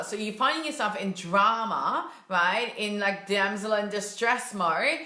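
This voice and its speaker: A woman's voice: medium pitch, a little slow, pushed and bright, roomy sound. A woman mindset coach giving a casual, emphatic motivational talk and acting out complaining voices. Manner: casual, emphatic, acts out whiny quotes.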